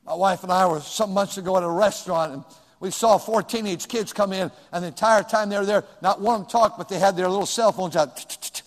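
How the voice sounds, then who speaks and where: Older male pastor, high-pitched, dynamic sermon delivery, big reverberant church sound. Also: brisk. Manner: swings from shouting to near-quiet asides. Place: church sanctuary. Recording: long reverb in a large room.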